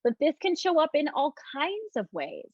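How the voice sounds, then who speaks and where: A woman hosting a casual live talk on self-love, speaking gently and reflectively and reading out viewer comments. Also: sits high, wildly swooping pitch, moderate pace, no echo, dull audio. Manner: gentle, reflective, often mimics questioning tones.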